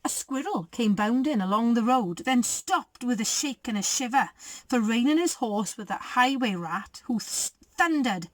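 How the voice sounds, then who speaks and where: A woman's voice: on the high side, lively intonation, normal speed, dry recording. A woman, a primary school teacher reading a picture book aloud and asking the children questions. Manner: warm, encouraging, asks children questions.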